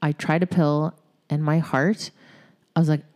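A woman with a deep, warm voice chats casually as a guest. She laughs often and drifts into fillers, and her tone stays relaxed. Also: unhurried. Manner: chatty, laughs often, trails off with filler words. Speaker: guest, CrossFit member. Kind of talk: casual chat.

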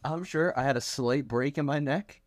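A man's voice: medium pitch, normal speed, no room sound, studio quality. A young man on a podcast, telling a story with heavy swearing. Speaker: podcast co-host. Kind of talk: casual storytelling chat.

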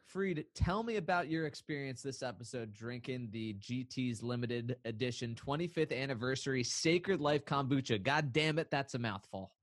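A man's voice: mid-range voice, moderate pace, hardly any pauses, dry recording. A man co-hosting a podcast in casual chat, playful and rambling, laughing often. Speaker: podcast co-host.

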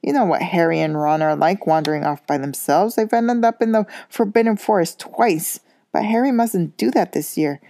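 A woman reading aloud and voicing an earnest father who argues heatedly and insistently, with a gravelly, mellow voice. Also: fairly low pitch, normal speed, dry recording, clean studio sound, lightly acted.

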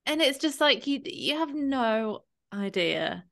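A woman's voice: high voice, big pitch swings, slow pace, a bit bright. A woman co-hosting a podcast as a fitness coach, talking bluntly and animatedly, sometimes swearing and acting out other people's voices. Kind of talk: casual podcast chat.

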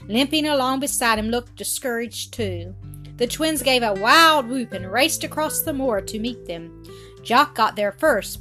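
A woman with a fairly high voice reading a storybook aloud, steady and clear. Soft music plays faintly behind her. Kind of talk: storybook narration.

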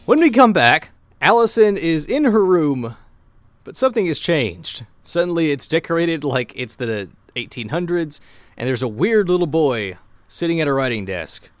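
Lively man recapping a show, a little drunk. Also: fairly high pitch, normal speed, no echo, faint music behind. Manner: animated storyteller who laughs mid-sentence. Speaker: podcast co-host. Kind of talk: casual recap of a TV episode.

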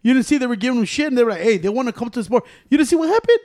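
Male co-host, high voice, cussing casually, animated, says bro. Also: rapid-fire. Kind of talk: casual chat.

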